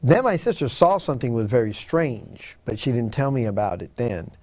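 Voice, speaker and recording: Man telling a dramatic story, mellow voice. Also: mid-range voice, big pitch swings, normal speed, dry recording. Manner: earnest, dramatic retelling with acted-out quotes. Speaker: guest. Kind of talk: telling a personal story in an interview.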